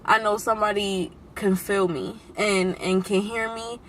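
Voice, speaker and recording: A woman's voice: medium pitch, fairly even intonation, measured pace, slight background noise. A woman vlogging in a candid, emotional way, swearing freely and near tears as she talks. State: tearful. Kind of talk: casual emotional vlog talk.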